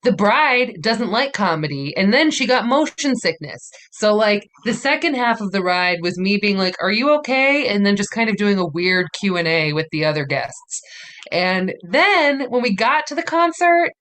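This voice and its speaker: A woman's voice: mid-range voice, lively intonation, normal speed, fairly bright tone. A woman comedian, a podcast guest, telling a story in a casual, rambling way full of "like". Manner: rambling, many "like" fillers.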